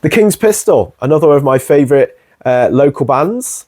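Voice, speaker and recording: A man hosting his own video, chatting casually and warmly about his record collection, rambling with plenty of ums. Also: fairly high pitch, moderate pace. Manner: relaxed and rambling, many ums, warm enthusiasm. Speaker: host.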